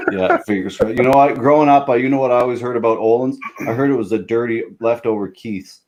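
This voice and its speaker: A man's voice: mid-range voice, fairly quick, a little mellow. A male podcast host from Nova Scotia, chatting loosely and jokily. He rambles a bit and fills gaps with "uh" and "you know" while keeping the talk going. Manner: loose, joking, rambling with fillers. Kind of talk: casual chat.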